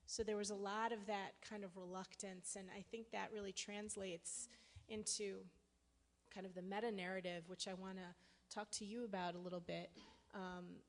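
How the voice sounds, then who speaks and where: A woman moderates a panel discussion at a middle pitch. She talks conversationally and keeps circling back and restarting her sentences. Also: little pitch movement, moderate pace. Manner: conversational, many restarts and fillers. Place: lecture hall.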